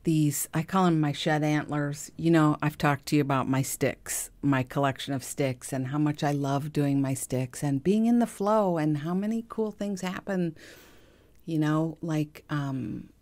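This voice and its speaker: A middle-aged woman hosting a podcast, speaking in a gentle, confiding way that often drops to a soft hush. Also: deep voice, a little slow. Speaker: podcast host. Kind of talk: reflective monologue.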